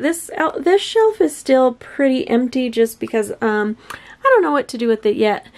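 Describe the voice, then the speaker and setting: A woman filming a casual room-tour vlog at home, chatty and rambling with lots of fillers. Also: high-pitched. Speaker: home decor vlogger. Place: bedroom at home.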